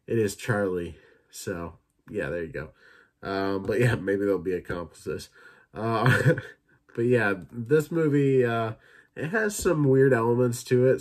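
A young man hosting a casual solo podcast, rambling and swearing as he retells movie scenes in quick impressions. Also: lowish voice. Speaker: podcast host reviewing films.

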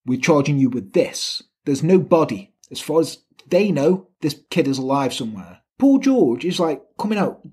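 A man tells a true crime story in a loose, chatty way, swearing freely and slipping into the voices of the people in it. His voice is a bit husky and sits slightly high for a man. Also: expressive, moderate pace, few pauses, a little mellow. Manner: swears often, acts out quotes of the people in the story. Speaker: podcast co-host telling a true crime story. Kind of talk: casual storytelling chat.

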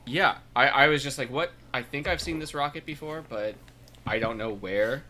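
A man co-hosts a comic book podcast in a medium-pitched, pushed and bright voice at a moderate pace. He chats casually, musing aloud and trailing off mid-thought.

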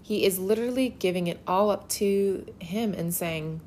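A woman's voice: medium pitch, normal speed, a little mellow, slight background noise. A woman giving a casual Bible lesson. She talks in a conversational, emphatic way and leans on filler words. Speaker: Bible teacher.

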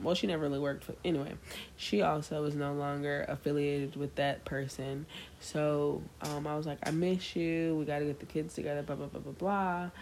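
Animated young woman telling a story. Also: low-pitched, a little hiss or hum. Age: young adult. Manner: animated storyteller addressing listeners as y'all. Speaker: podcast co-host. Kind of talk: casual chat.

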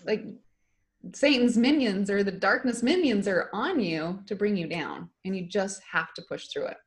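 A woman's voice: medium pitch, moderate pace. A middle-aged woman speaking as an interview guest, telling a personal story in an emotional, candid way. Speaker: guest, online course creator.

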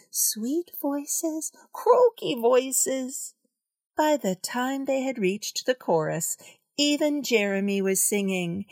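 A woman reading a children's story aloud, carefully and clearly. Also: on the high side, a little mellow, dry recording, studio quality.

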